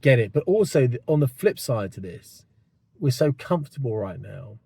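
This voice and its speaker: A man's voice: medium pitch, sing-song, moderate pace, creaky, mellow, breathy edge, dry recording. A man in his fifties, host of his own channel, rambling through his opinions in casual talk, often asking the listener if it makes sense. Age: 50s. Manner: rambling, thinking aloud, many tag questions.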